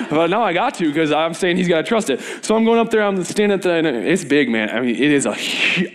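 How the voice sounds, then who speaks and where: Animated young man preaching to a youth group. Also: fairly high pitch, fast talker, hardly any pauses, clear, resonant tone. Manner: energetic, animated storytelling with laughs. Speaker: youth pastor. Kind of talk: sermon with storytelling.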